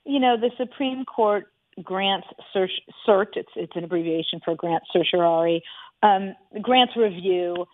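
A woman's voice: medium pitch, a little slow, dry recording. A middle-aged woman speaking as a guest analyst on a radio talk show, emphatic and repeating words for stress. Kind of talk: radio show phone interview. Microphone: phone line into radio studio. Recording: tinny phone line.

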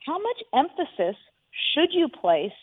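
A middle-aged woman calls into a radio talk show as a guest analyst, her high-pitched voice very animated yet a little slow, with no room sound. The phone line into the studio sounds tinny, and she stresses points emphatically by repeating words.

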